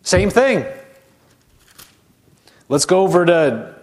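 A man preaching a sermon in a conversational way, slowing down to stretch key words and dropping into hushed voices to mimic doubters. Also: sits high, sing-song, a little hiss or hum.

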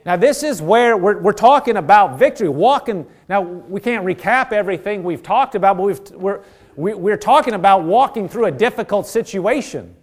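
A man's voice: sits high, lively intonation, normal speed. A man preaching a sermon, earnest and exhorting, often repeating phrases and restarting his sentences.

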